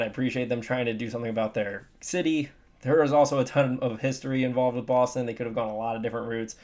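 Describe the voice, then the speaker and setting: Opinionated young man ranking jerseys. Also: medium pitch. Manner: animated, opinionated, emphatic swings. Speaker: sports commentator. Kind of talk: casual opinion commentary.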